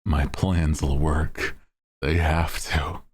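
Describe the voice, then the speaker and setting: A man voicing a calmly menacing male villain who reassures in a slow, ominous way. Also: extremely low pitch, slightly rough, exaggerated voice. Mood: smug ominous.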